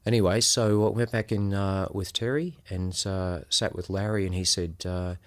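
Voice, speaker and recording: Deep-voiced Australian man telling a story. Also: flat delivery. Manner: unhurried, reflective, acts out quoted voices. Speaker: former undercover police officer, guest. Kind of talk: conversational storytelling.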